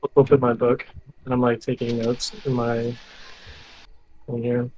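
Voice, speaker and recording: Flat-voiced man mumbling at a game table. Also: mid-range voice, a little slow, lo-fi sound, a little hiss or hum. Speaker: player.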